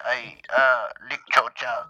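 A man's voice: mid-range voice, steady tone, slow pace, sharp tone, highs cut off. A man voicing a crude half-Mexican half-Russian man with a put-on Mexican Spanish accent, in an improvised comedy bit. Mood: lewd. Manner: broken English with Spanish words, vulgar.

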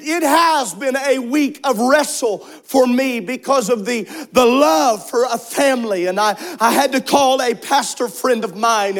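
High-voiced slow preaching man. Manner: preaching, rising to shouts on key words; slow, emphatic delivery with repeated phrases. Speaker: pastor. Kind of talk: sermon. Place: church sanctuary.

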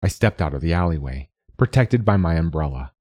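A man narrating a short story in a steady, measured way. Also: sits low, no echo. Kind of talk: scripted narration.

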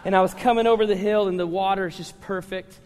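A male pastor preaches with lively, humorous storytelling and often turns to address the room. His voice sits high for a man. The live recording carries a long, ringing reverb from the church hall. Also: quick pace, clear, resonant tone. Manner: animated storytelling with humor, talking to the congregation. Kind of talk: sermon. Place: large church hall with congregation.

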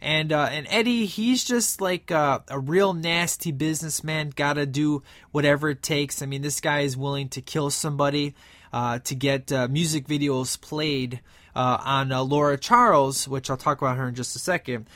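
A fairly high-voiced man chats through a movie recap for his podcast, full of "uh" and "you know". His delivery is animated and conversational, recorded dry and close with no room sound. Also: moderate pace, dry recording. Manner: animated, acts out movie quotes in between; frequent fillers, rambling retelling. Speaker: podcast host.

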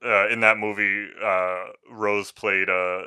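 A man's voice: on the low side, slow pace, clear, resonant tone. A man co-hosting a movie review podcast in casual chat, ranting and swearing freely. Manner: profane, ranting, animated. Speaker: podcast co-host.

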